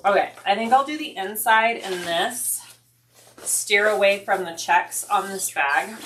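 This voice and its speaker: A woman's voice: mid-range voice, pushed and bright, a little hiss or hum. A woman hosting a sewing livestream, chatting casually with viewers, thinking aloud and answering their comments.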